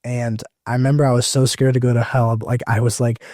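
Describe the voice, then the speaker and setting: A man's voice: mid-range voice, little pitch movement, a little fast, dark tone, no room sound, clean studio sound. Emotional young man sharing his testimony. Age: 20s. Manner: rambling, many fillers and restarts, emotional. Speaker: evangelist guest. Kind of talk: personal testimony in conversation.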